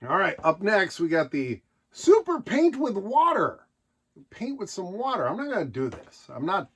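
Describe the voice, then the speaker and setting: A man with a fairly high, very lively voice gives casual, joking commentary on old children's books. His pitch jumps around a lot as he riffs. Now and then he slips into goofy put-on voices. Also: slightly rough. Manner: jokey, puts on silly character voices. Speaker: nostalgia show host.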